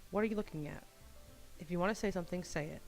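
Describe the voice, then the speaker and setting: A woman voicing a sharp-tongued, grumpy small teen girl in a game, speaking snappily. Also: fairly low pitch, fast, gravelly, soft background music.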